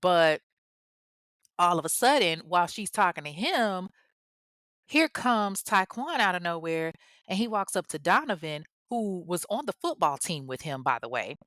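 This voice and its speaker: A woman's voice: fairly low pitch, very animated, normal speed, fairly bright tone, dry recording, studio quality. A woman hosting a true crime show, retelling a case in a conversational way full of asides. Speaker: host.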